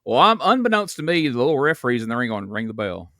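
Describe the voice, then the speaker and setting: A podcast host, chatting casually and telling stories with laughs. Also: male voice, a little high, sing-song, racing, bright, forceful tone, no echo, clean studio sound. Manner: storytelling, laughs, swears casually. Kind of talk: casual chat.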